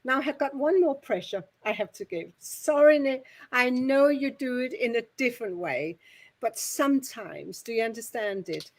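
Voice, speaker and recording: Medium, woman, chatty and rambling, pitch on the higher side. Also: animated, moderate pace. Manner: chatty, rambling, laughs often. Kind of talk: mediumship demonstration at a spiritualist service.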